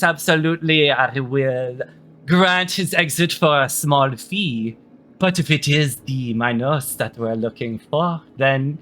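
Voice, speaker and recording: A man's voice: on the high side, bright, forceful tone. A man voicing a haughty, cruel female queen who taunts her minotaur captives in a tabletop game.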